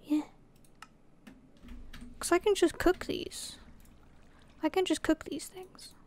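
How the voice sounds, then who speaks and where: A woman's voice: very high-pitched, steady tone, slow pace, darkish tone. A woman from Scotland commentating her gameplay casually, muttering to herself and often dropping to a whisper. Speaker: gaming channel host.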